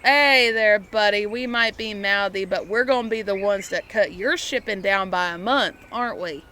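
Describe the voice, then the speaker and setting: A woman's voice: mid-range voice, moderate pace, bright, forceful tone, close to an everyday voice. A woman playing a cocky American negotiator with a boastful, folksy way of talking.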